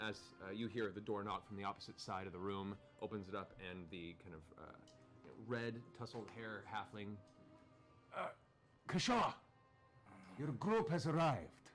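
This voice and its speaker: A man narrating as game master of a tabletop game, relaxed and halting, with many fillers. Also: fairly low pitch, faint music behind.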